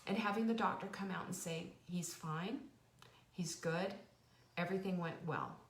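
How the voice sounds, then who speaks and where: A woman's voice: on the low side, moderate pace, echoey room. A woman hosting a live stream, telling a personal story and urging viewers on with emotional, faith-filled encouragement. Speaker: host. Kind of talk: motivational live-stream talk.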